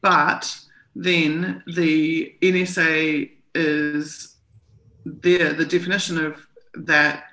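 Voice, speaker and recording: A woman's voice: deep voice, little pitch movement, drawn-out words, bright, forceful tone. A woman co-hosting a live stream, reading official text aloud and then commenting on it. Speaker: co-host analysing documents. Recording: roomy echo.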